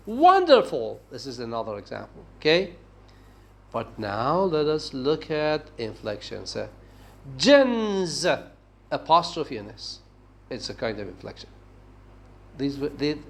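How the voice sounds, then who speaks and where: Slow, animated lecturer. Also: male voice, fairly high pitch, creaky. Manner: slow, halting delivery with frequent "okay?" checks and restarts. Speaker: linguistics lecturer. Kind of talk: university lecture.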